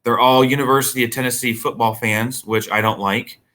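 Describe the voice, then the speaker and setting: A man leads a product training session, fielding questions about the products. His voice is bright and forward, and his delivery is casual and conversational, with plenty of restarts. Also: medium pitch, brisk. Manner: relaxed, conversational, many restarts. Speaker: vendor trainer.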